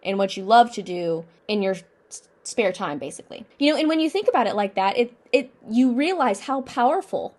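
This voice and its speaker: A woman's voice: a little high, sing-song, fairly quick, a little mellow. Earnest young woman talking to camera. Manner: earnest, repeats phrases for emphasis, asks herself questions. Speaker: vlogger. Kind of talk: personal motivational talk to camera.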